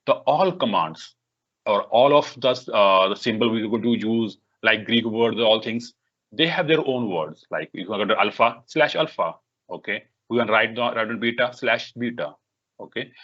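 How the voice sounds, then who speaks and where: In a dull, lo-fi recording, a workshop instructor with a lowish voice runs a live software tutorial. He speaks haltingly in bursts, restarting often, using many fillers and saying "okay" again and again.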